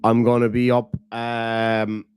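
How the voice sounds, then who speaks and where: A man's voice: medium pitch, completely flat delivery, slow, a little mellow, clear, resonant tone, dry recording, studio quality. Profane, laughing man streamer. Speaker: streamer host. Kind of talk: casual late-night stream chat.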